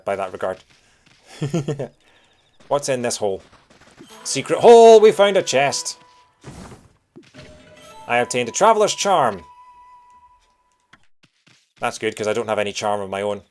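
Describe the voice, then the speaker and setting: A young Scottish man streaming a game, chatting in a rambling, jokey, self-deprecating way with his viewers. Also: lowish voice. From Scotland. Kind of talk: casual let's-play chat.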